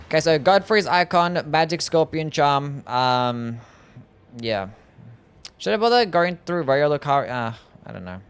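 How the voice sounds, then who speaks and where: A man with a mild Australian accent streaming a game, chatting casually and reading viewer messages aloud, easygoing and quick to laugh. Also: on the high side, expressive, clean tone. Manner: laid-back, easygoing, laughs often, loose with fillers. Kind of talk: casual livestream gameplay chat, reading chat aloud.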